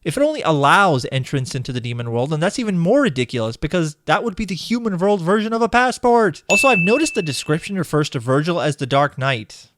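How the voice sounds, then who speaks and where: A man's voice: a little high, very animated, quick pace, few pauses, fairly bright tone. A man hosting a comedic video game critique, narrating a script in a sarcastic, exasperated way. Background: game music.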